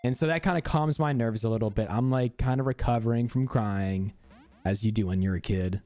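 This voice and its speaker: A young man streaming, casually telling a story while gaming, animated and cursing freely with frequent laughter. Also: mid-range voice, brisk, soft background music.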